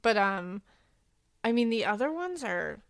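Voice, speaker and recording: Woman, podcast co-host, casual true-crime chat, blunt, swears a lot, mid pitch, dry close sound. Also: very animated, a little slow, vocal fry, no room sound. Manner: blunt, swears freely, laughs often.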